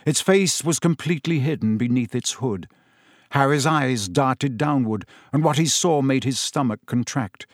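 A man's voice: mid-range voice, moderate pace, dry recording. Man, audiobook narrator, suspenseful storytelling, varied pacing, dry studio sound.

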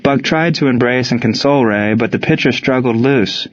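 A man narrating an audiobook in a steady, measured reading. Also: mid-range voice. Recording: dull lo-fi recording.

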